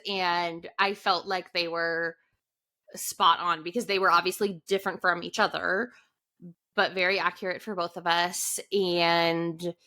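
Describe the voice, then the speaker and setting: A woman's voice: fairly low pitch, pushed and bright. A young adult woman co-hosting a podcast, chatting casually and offering supportive reactions. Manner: supportive, short reactions, easy laughs. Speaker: podcast co-host. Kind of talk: casual chat.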